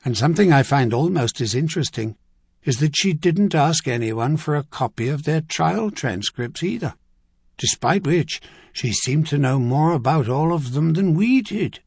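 A man's voice: a little high, lively intonation, moderate pace, a little mellow, husky, no echo, studio quality, voice pushed up. A man voicing a frank middle-aged nobleman in an audiobook.

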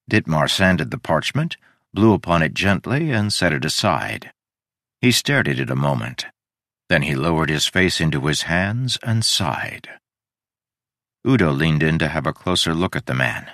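A man reading a fantasy novel aloud as narrator, telling it in an expressive, dramatic way. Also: rumbling low, moderate pace, dry recording, clean studio sound. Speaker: audiobook narrator. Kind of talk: scripted narration.

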